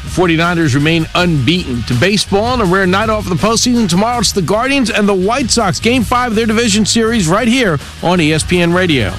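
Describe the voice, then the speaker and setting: A male sports anchor rattling off headlines at a brisk clip in a crisp, scripted read. A clear music bed plays under his slightly high voice. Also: expressive, fairly bright tone.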